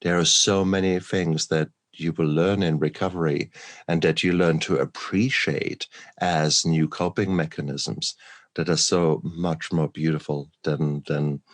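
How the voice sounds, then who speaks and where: A man hosting a podcast, speaking in a measured, deliberate way and repeating phrases for emphasis. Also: extremely low pitch, fairly even intonation. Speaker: podcast host, physician. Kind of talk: reflective conversational talk.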